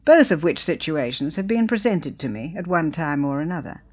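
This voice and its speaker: Woman narrating a memoir, lively low voice. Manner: measured, expressive storytelling. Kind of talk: audiobook memoir reading.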